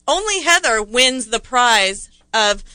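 A woman's voice: fairly high pitch, very animated, slow, bright, forceful tone, dry recording, low-quality recording. A woman co-hosting a podcast, playful and teasing in casual chat. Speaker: podcast co-host.

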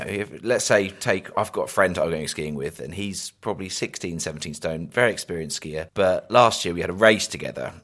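A man's voice: sits low, fairly bright tone. A man, a former ski instructor, giving tips as a guest in a casual radio chat, easygoing and laughing now and then.

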